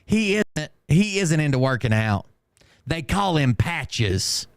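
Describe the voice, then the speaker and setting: A man's voice: on the high side, big pitch swings, takes it slowly, clear, resonant tone, dry recording, clean studio sound. Sarcastic man reading comments aloud. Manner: sarcastic, laughs often, reads comments aloud. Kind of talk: casual mocking commentary.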